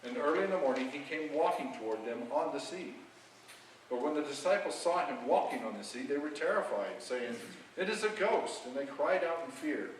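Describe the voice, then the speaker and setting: A man reading a scripture passage aloud in a slow, measured way. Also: fairly high pitch, expressive. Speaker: scripture reader. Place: church sanctuary. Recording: echoey sanctuary, distant mic, faint hum.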